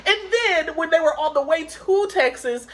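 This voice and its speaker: A woman's voice: very high-pitched, animated, normal speed, a bit bright. A woman telling a story in a casual podcast chat, swearing freely, laughing often and acting out what people said. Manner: laughing storyteller, profane, acts out quotes. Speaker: podcast co-host.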